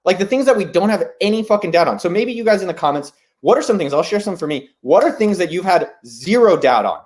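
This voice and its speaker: A man hosting a live stream, talking in a casual, rambling way, excited and swearing freely. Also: high-pitched, fast talker. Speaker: host.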